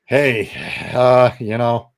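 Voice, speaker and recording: A man co-hosting a podcast, talking football in blunt, excitable banter. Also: mid-range voice, extremely slow, vocal fry. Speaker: podcast co-host. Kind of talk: casual sports chat.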